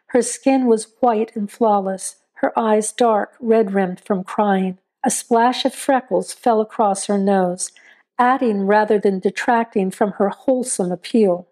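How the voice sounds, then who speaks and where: Mellow woman narrating an audio story. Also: mid-range voice. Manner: measured, atmospheric storytelling. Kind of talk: scripted narration.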